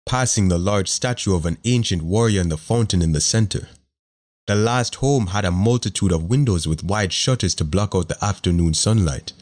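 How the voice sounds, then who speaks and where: A man reads a fantasy audiobook aloud in a very low voice. His delivery is steady and measured, in the manner of scripted narration.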